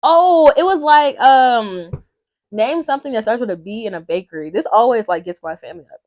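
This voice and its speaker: A young woman from Atlanta, a podcast guest telling a family story in a lively way and acting out the voices of her relatives. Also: medium pitch, a little fast. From Atlanta, Georgia. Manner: animated, acts out family members' voices. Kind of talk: casual storytelling.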